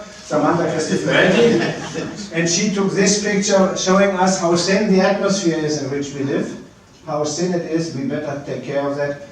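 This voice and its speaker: A man with a slightly high voice gives a public lecture with slides, pausing often and restarting his sentences. He is picked up from some way off the mic. His voice rings through a large, very reverberant hall. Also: slight background noise. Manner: hesitant, many pauses and restarts. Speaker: space agency director giving a public lecture. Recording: very echoey hall, mic at a distance.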